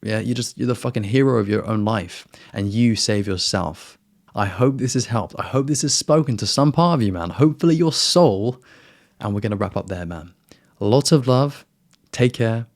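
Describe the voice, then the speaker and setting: A man's voice: on the low side, expressive, normal speed. A young man giving a casual, intense motivational talk, swearing often and calling the listener man and brother. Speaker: self-improvement vlogger.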